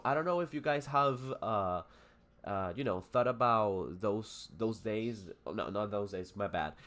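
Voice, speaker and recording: A young man with a Spanish accent and Spanish as his first language runs a casual English lesson on a livestream. He reads passages aloud and then drifts into loose chat, filling gaps with "uh" and "you know" and correcting himself mid-sentence. His voice sits at an ordinary middle pitch for a man. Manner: rambling, many fillers and self-corrections.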